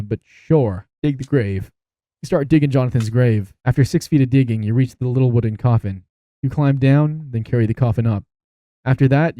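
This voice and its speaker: A man's voice: medium pitch, no echo, dull audio. A man playing an interactive horror story game, reading the text aloud and breaking off for amused asides. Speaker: gaming YouTuber.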